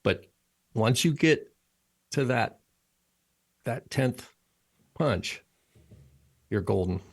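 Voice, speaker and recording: Male co-host, mid-pitched, playful and jokey in casual conversation. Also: expressive, very slow, breathy edge. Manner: joking, playful analogies. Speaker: podcast co-host. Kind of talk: casual chat.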